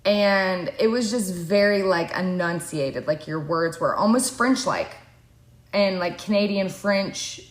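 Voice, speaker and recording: Chatty female podcast host, mid pitch, loose rambling delivery, echoey room. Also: expressive, a little slow. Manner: rambling, filler-heavy storytelling. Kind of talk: casual chat. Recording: roomy echo.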